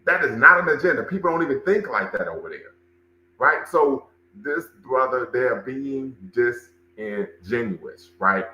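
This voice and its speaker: A man's voice: medium pitch, lively intonation, unhurried, pushed and bright, reverberant, dull audio. A man hosting a livestream, commenting and talking with his chat, emphatic and repeating phrases for stress. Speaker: livestream show host and cultural center director.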